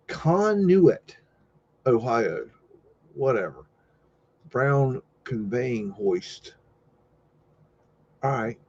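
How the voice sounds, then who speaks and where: A man hosting a live stream comments casually over old photos, rambling along with jokes, easygoing asides and loud exclamations. His voice is medium-pitched and slow-paced, and the recording sounds a little dull and lo-fi.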